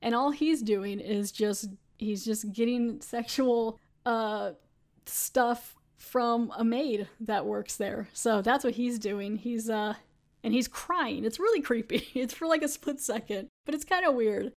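A woman's voice: a little high, measured pace. Chatty woman podcast host. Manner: chatty, laughing, lots of "like". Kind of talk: casual episode recap.

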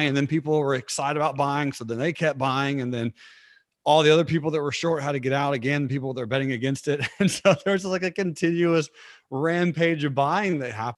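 Guy trader on a podcast, calm and friendly, mid-pitch voice, dead dry sound. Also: no room sound. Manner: friendly, patient explainer who laughs easily. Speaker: stock trader, podcast guest. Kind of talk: explanatory interview talk.

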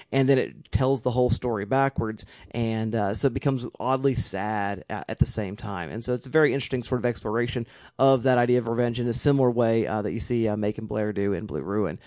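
A man's voice: mid-range voice, warm tone, no room sound. Enthusiastic rambling man, dry sound. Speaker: podcast co-host. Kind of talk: casual chat.

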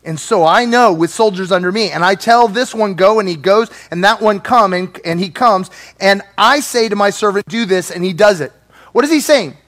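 A man preaching a sermon, animated and playful, acting out voices as he teaches. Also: high-pitched, normal speed.

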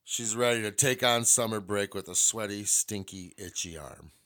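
A man's voice: lowish voice, normal speed, sharp tone. A middle-aged man hosting a solo podcast, telling a personal story in a blunt, candid way with lots of swearing. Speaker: podcast host.

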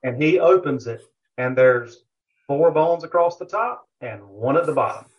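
Fairly high-voiced man telling a rambling story. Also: expressive, moderate pace. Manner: rambling anecdotal telling, many fillers. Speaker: competition barbecue cook, podcast guest. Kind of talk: casual storytelling interview. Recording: dull lo-fi audio.

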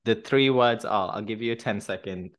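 A man's voice: on the low side, normal speed, fairly bright tone. A man hosting a podcast who teasingly gives game instructions and laughs often. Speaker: podcast host. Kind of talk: playful casual interview.

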